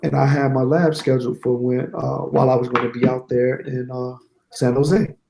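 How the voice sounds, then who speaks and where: Gravelly man telling a candid story. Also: medium pitch, normal speed, echoey room, a little hiss or hum, low-quality recording. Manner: candid, animated storytelling with quoted dialogue. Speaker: guest, certified network engineer. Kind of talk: casual interview storytelling.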